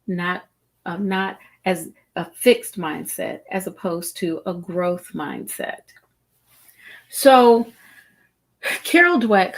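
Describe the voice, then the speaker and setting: Middle-aged lady hosting a live stream, talks slow and careful, leans on phrases. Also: on the low side. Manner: slow, deliberate, with emphatic repeated phrases. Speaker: host of a wellbeing talk show. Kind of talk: live-streamed talk with viewers. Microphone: streaming setup, video call style.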